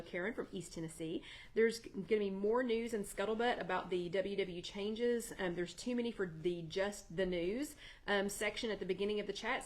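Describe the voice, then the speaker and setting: A middle-aged woman hosting a casual livestream chat from her home loft, greeting viewers by name with lots of fillers and self-corrections. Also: medium pitch. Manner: chatty, warm-toned greetings with frequent fillers and self-corrections. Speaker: host of a weekly wellness livestream chat.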